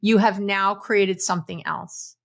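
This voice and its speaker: Woman psychologist, podcast guest; animated advice-giver who voices quoted lines. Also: mid-range voice, a little slow, creaky. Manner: animated, acts out quoted lines, laughs often. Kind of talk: podcast conversation, giving advice.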